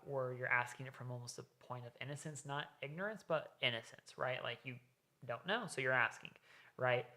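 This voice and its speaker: Guy reacting to a sales clip, chatty, keeps tossing in "right?", mid-pitched voice. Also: bright, forceful tone. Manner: explains sales tips with many "right?" asides. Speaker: host reacting to a sales video. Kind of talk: casual commentary.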